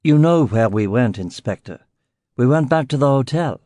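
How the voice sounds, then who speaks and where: A man plays a wealthy old ex-soldier in an audiobook, dropping his voice low and keeping it quiet and measured. He sounds cool and guarded. The recording is dry and close. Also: expressive, no echo, lightly acted.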